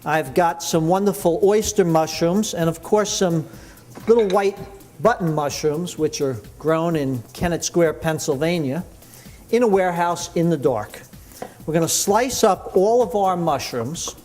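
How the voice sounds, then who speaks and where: Chatty cooking show host. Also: male voice, on the high side, measured pace, darkish tone. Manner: enthusiastic, chatty, explains as he chops. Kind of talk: cooking demonstration.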